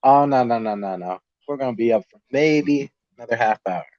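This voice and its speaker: A man's voice: medium pitch, a little fast, a little mellow, no echo. A man hosting a casual podcast, reading out viewer comments in an upbeat way. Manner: upbeat, laughs often. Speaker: podcast host. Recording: dull lo-fi dry sound.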